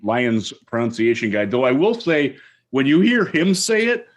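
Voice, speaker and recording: Man, podcast co-host, casual, detailed football breakdown, average pitch, speaking from home. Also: very animated, normal speed. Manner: thoughtful, detailed football analysis. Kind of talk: casual sports chat.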